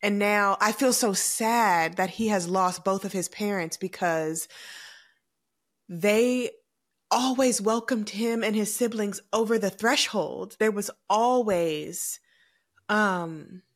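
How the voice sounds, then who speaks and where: A woman's voice: mid-range voice, slow, pauses often. A woman in her thirties co-hosting a podcast, talking in an earnest, reflective and emotional way about love and family. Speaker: podcast co-host. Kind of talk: casual heartfelt chat.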